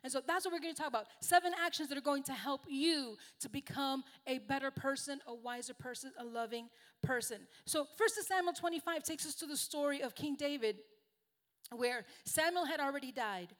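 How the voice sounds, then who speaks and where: A woman with a high, bright-pitched voice delivers a sermon in a chatty, earnest way. She is a native Spanish speaker and pokes gentle fun at herself as she talks. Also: fairly quick. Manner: earnest, conversational, self-deprecating. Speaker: guest preacher.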